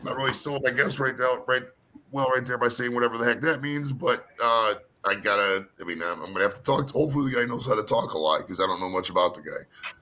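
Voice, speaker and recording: Casting: male stream host, hoarse, bright tone, loose rambling profane chatter. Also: medium pitch, fast, rough recording. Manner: rambling, profane, laid-back. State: hoarse from talking all day. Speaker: panel show host. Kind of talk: casual live-stream chat.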